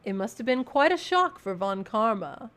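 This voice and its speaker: A woman's voice: a little high, sing-song, moderate pace, fairly bright tone. A woman reading a chatty older lawyer. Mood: explaining. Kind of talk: reading game dialogue aloud.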